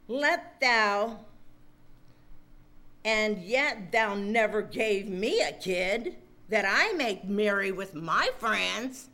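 A woman's voice: medium pitch, lively intonation, slow pace, sharp tone. A woman preaching a sermon, drawing out her words for emphasis and turning to her listeners with asides.

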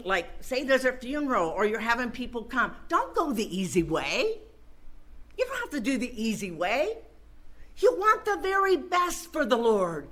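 Lively, bright-voiced woman preaching a sermon. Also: sits high. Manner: emphatic, repeats phrases for stress.

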